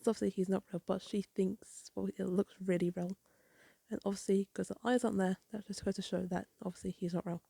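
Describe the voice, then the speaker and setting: Gravelly-voiced woman reviewing a comic. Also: medium pitch, fairly even intonation, fairly quick, dark tone, no echo. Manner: rambling, apologetic. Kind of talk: casual chat.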